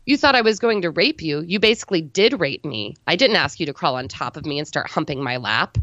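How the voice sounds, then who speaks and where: A woman's voice: low-pitched, expressive, fairly quick, a bit bright, no room sound. A woman voicing a rebellious teenage girl with a shaved head, scolding herself in a frantic inner voice. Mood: rehearsing. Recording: dull, dry lo-fi recording.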